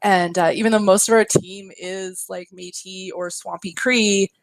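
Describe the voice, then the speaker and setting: A woman's voice: medium pitch, fairly even intonation, unhurried, vocal fry, dry recording, rough recording. A young woman game developer talking casually in a panel chat, chatty with lots of fillers and laughter. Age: young adult.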